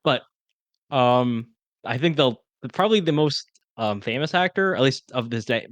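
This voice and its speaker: A young man co-hosting a podcast, chatting casually about an old film, talking fast with lots of fillers. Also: medium pitch, lively intonation, no room sound. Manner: fast, rambling with many fillers. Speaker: podcast co-host. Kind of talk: casual film-review chat.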